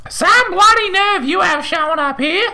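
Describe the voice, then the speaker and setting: A man voicing a shrieking, furious middle-aged mother, high and shrill. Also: expressive, moderate pace, bright, forceful tone, exaggerated voice. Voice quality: shrill, screeching.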